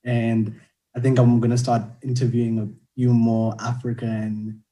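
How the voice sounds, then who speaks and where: Young man, podcast host, casual chat, mellow dark tone, easygoing. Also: mid-range voice, moderate pace, muffled recording. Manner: relaxed, laughs often.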